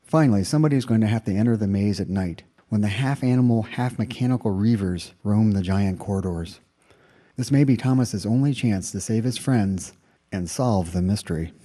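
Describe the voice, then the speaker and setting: Low, dark-voiced male podcast host. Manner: measured, informative. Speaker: podcast host and audiobook reviewer. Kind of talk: scripted review narration.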